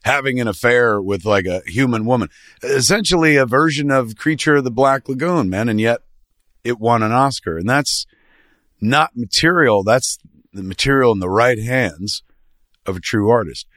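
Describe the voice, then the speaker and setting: A man's voice: medium pitch, lively intonation, moderate pace, a bit bright, no room sound, clean studio sound. A man hosting a casual film talk show, rambling loosely with lots of fillers and asides. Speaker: podcast host.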